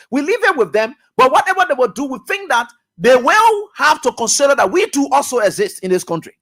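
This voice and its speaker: Fiery high-voiced radio host. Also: male voice, very animated, fairly quick, hardly any pauses. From Liberia. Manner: fiery, swinging from loud outbursts to low muttering. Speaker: radio talk show host. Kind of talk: impassioned political commentary. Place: radio studio.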